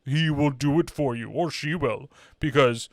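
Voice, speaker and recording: A man putting on a lower, solemn voice for a preachy father reassuring his son. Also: measured pace, no echo, studio quality, close to an everyday voice. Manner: solemn, mock-earnest.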